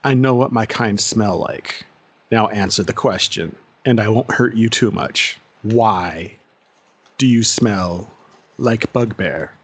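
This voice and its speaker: A man voicing a huge, scarred adolescent male bugbear jailer who interrogates a prisoner bluntly and gruffly. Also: fairly low pitch, slow pace, voice pushed down. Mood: menacing. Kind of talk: tabletop role-play voice.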